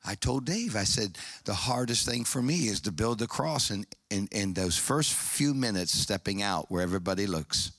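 A man preaching a sermon, telling a story with excited high bursts and hushed, solemn passages. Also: normal speed, few pauses, no echo, studio quality.

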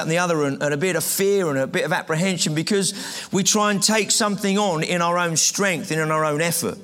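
A man's voice: high voice, a bit bright. A man preaching a sermon to a live audience in a conversational way, repeating phrases and asking the room questions.

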